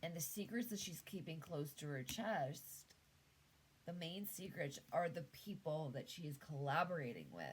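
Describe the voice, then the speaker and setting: A woman's voice: deep voice, expressive, moderate pace, a little hiss or hum, rough recording. A Canadian woman giving a casual tarot reading, musing aloud, trailing off and restarting her thoughts. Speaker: tarot reader.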